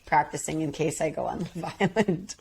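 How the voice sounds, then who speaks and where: A woman's voice: deep voice, moderate pace, creaky, darkish tone, husky. A woman co-hosting a podcast, chatting casually and bluntly, with lots of "like". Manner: blunt, opinionated, says "like" often. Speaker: podcast co-host. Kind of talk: casual chat.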